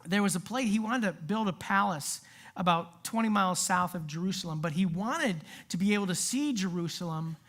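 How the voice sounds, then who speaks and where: A woman preaching a sermon in a casual, animated way, full of asides and acted-out quotes. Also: lowish voice, a little fast. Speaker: youth pastor.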